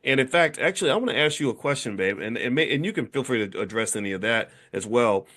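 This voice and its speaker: A man's voice: medium pitch, animated, fast talker, a bit bright. A middle-aged man hosting a casual conversation, talking in a rambling way with many restarts and fillers. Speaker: host, founder of a business school.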